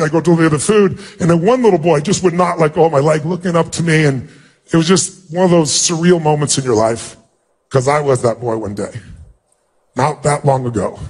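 A man with a husky, fairly high voice delivers a motivational speech. He tells a personal story with animated, emotional storytelling and climbs higher in pitch as he gets stirred up. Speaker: motivational speaker.

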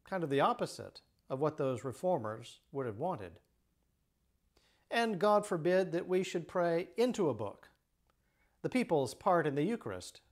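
A middle-aged priest giving a measured, explanatory lecture on Christian teaching. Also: male voice, a little high.

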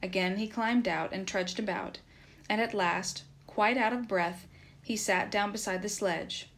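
A woman reading a translated classic story aloud in steady, measured audiobook narration. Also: medium pitch. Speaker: reader.

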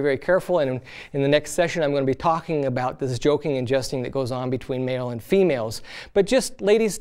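A man's voice: fairly high pitch, a little mellow, clean tone. A man preaching on marriage in a conversational, folksy way, telling stories. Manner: conversational, folksy, many "you know"s. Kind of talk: sermon with storytelling.

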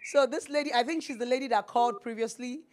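A Nigerian woman hosting a TV call-in advice show, animated and preachy, slipping into Pidgin. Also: on the high side, fast talker. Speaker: talk show host. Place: TV studio.

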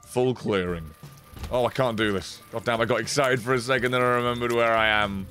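A man giving casual live-stream commentary while he plays, excitable, swearing often and reacting loudly as he reads chat. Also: mid-range voice, a little fast, faint music behind. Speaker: game streamer.

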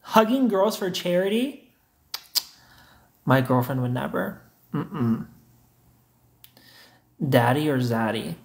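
A young man talks casually to his livestream viewers. He reads their comments aloud and teases them in a joking way. His voice sits in an ordinary middle pitch. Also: lively intonation, takes it slowly, vocal fry, long pauses. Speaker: livestream host reading chat.

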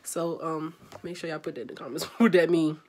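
A woman's voice: deep voice, fairly even intonation, fairly quick, darkish tone. Chatty young woman from D.C. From Washington, D.C. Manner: chatty, upbeat, reads word lists aloud. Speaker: vlogger. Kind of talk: casual chat.

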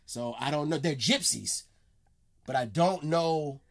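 A man's voice: a little high, measured pace. A man casually hosting a comedy reaction video, loose and slangy.

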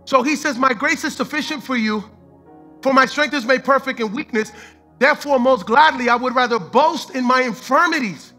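A man's voice: very high voice, moderate pace, sharp tone, faint music behind. A man preaching a sermon as pastor, fervent and repetitive, mixing in street slang and the odd line of Spanish.

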